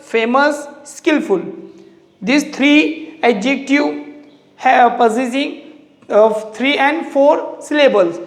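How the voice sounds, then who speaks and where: Slow, repetitive teacher in an echoey room. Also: high voice. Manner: slow, repetitive explaining, drilling words aloud. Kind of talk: classroom grammar lesson.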